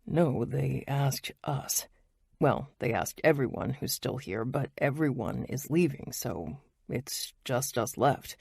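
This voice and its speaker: Lady reading a laid-back flirty guy, low and slow, dry close sound. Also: animated, gravelly, a little mellow, husky, dry recording, heavily acted. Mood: wry.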